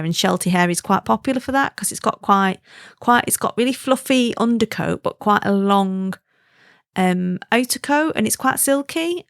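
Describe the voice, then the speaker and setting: A woman's voice: medium pitch, no room sound, clean studio sound. A woman hosting a casual podcast, chatty and giggling at her own jokes. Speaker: podcast host.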